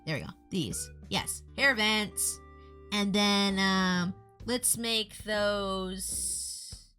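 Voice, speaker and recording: A woman's voice: mid-range voice, extremely slow, bright, forceful tone, faint music behind. A woman streaming live as a VTuber artist, chatting casually with viewers while she shows off a model. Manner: chatty, rambling, greets chat viewers.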